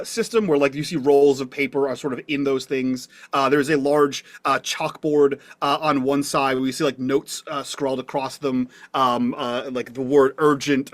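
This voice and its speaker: Halting game master man. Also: medium pitch, dry recording. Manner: halting, heavy with fillers. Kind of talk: narrating a tabletop game.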